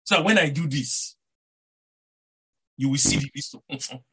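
A man with a Nigerian accent preaching a sermon, animated and rhetorical, often repeating words and asking his listeners "eh?". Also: medium pitch, measured pace, breathy edge.

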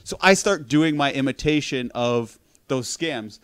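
A man telling a long story in casual conversation, animated, swearing freely and laughing at his own account. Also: medium pitch, unhurried, smooth, no echo.

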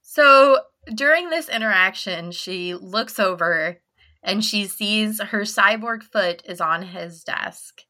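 A young woman co-hosting a casual book discussion podcast, giggly and animated, reading passages aloud with little character voices. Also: mid-range voice, slow pace. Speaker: podcast co-host.

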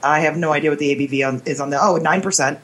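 A pregnant woman co-hosting a casual beer tasting stream, describing the beers flatly and showing exasperation at her co-host. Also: sits low, very fast. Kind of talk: casual beer review chat.

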